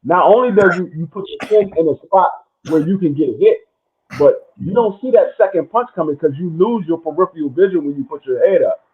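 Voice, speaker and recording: A man's voice: high-pitched, expressive, brisk. Man on a tinny phone line. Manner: explaining technique step by step. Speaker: panel guest. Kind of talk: casual panel chat.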